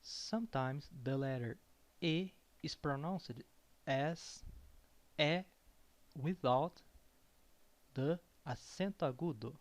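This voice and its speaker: Guy teaching sounds, super slow, says every word over and over. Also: fairly high pitch. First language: Portuguese. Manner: slow, repeats each word several times. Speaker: language teacher. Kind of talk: pronunciation lesson.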